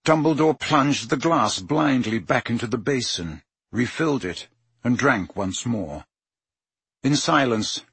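A man narrating an audiobook in an expressive, unhurried way, acting out the characters' voices. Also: mid-range voice, slightly rough, dry recording. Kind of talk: dramatic audiobook reading.

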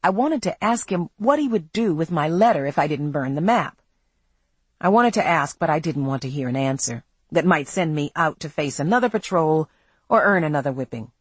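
A woman narrates a novel in the first person, measured and expressive. Her slightly husky voice moves widely up and down in pitch. The recording is dry and close, with no room sound. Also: no echo. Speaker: audiobook narrator.

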